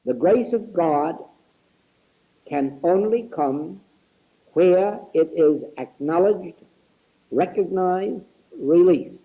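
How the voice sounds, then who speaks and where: A man's voice: high voice, expressive, slow, pauses often. Earnest man on an old lo-fi lecture tape. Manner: earnest, emphatic, repeats key words for stress. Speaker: spiritual teacher. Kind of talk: recorded spiritual lecture. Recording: lo-fi archival tape recording.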